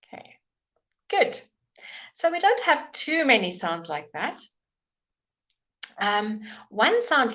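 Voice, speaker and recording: A woman's voice: medium pitch, fairly bright tone. A woman teaching English pronunciation in a live online lesson, patiently modelling sounds and encouraging questions.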